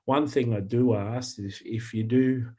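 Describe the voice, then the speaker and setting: A man, a Christian author and minister, telling personal testimony stories in an earnest, plain-spoken way, halting often with fillers and repeated words. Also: medium pitch, fairly even intonation, dark tone, breathy edge. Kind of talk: personal testimony storytelling to camera.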